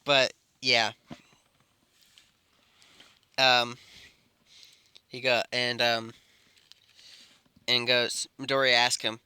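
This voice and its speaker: A young man improvising a fan-fiction story, rambling and halting with many restarts. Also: medium pitch, level tone, pushed and bright, clear, resonant tone, dry recording.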